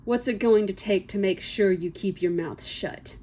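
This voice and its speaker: A menacing posh young man from a storybook, as a woman reader puts him on. He talks with a sinister, clipped polish, his voice sitting at an ordinary middle pitch. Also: moderate pace, a little mellow, lightly acted. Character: stern posh young male student bully.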